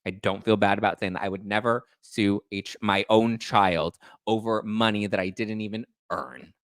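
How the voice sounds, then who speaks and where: A man's voice: on the low side, fairly even intonation, moderate pace, no echo. A man in his thirties hosting a podcast, ranting sassily and acting out both sides of his arguments. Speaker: podcast host. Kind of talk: heated commentary.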